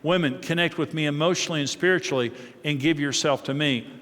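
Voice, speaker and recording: Man, middle-aged, fairly high voice, conversational teaching talk, restarts and repeats words, long hall reverb. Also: fast talker, fairly bright tone. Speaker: marriage teacher. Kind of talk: teaching talk to a live audience.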